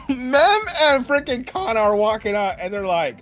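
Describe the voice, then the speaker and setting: A man giving a casual anime review, animated, emphatic, and profane. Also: sits high, moderate pace, soft background music.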